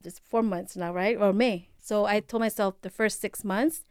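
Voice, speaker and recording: A woman's voice: medium pitch, fairly even intonation, normal speed, a little mellow, smooth, no room sound, studio quality. A woman in her forties, originally from the Philippines, chatting casually as a podcast guest and laughing often. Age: 40s. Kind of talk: casual chat.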